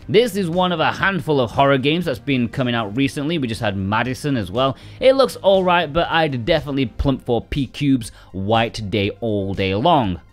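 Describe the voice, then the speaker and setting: Lively sarcastic man. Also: medium pitch. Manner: sarcastic, joking asides. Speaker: game release news host. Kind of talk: casual scripted commentary.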